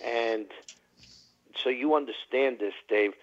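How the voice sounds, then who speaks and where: A man's voice: mid-range voice, takes it slowly. A man calling into a radio talk show, telling a long story in a rambling, chatty way with many fillers. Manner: rambling, chatty, full of "you know" fillers. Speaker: caller. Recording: tinny phone line.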